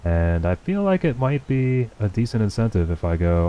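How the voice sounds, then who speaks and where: Deep, mellow-voiced sarcastic male streamer. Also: animated, moderate pace, few pauses, a little hiss or hum. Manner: profane, sarcastic running commentary to chat. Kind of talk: casual livestream gameplay chat.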